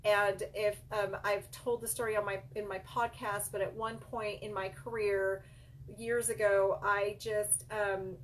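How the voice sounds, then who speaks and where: With a flat delivery, a measured pace, and a mid-range voice, this middle-aged woman recounts a personal story to her viewers in earnest over slight background noise. A child care center owner and business coach, she calls them "you guys."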